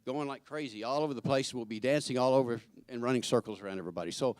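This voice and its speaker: A man reads out church announcements in a chatty, joking manner, often stopping on fillers and restarting his sentences. His voice sits at an everyday middle pitch. The sound is dry and close, with no room echo. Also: fast, a little mellow. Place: church sanctuary.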